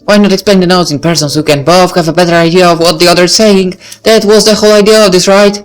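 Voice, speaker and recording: Man doing a pushy, high-voiced teen girl. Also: fairly even intonation, fast talker, soft background music, natural voice. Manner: pushy, blunt. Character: teasing outspoken teenage girl classmate. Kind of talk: reading a visual novel aloud.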